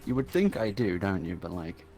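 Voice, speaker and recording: A man with a somewhat low voice and a sore throat rambles through a casual livestream chat. He swears freely and fills his sentences with fillers. Faint game music plays behind him. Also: big pitch swings, moderate pace, a little mellow. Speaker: guest on a livestream.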